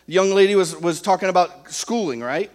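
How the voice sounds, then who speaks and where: Male preacher, high voice, emphatic sermon delivery, rhetorical questions aimed at the congregation. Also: fairly quick.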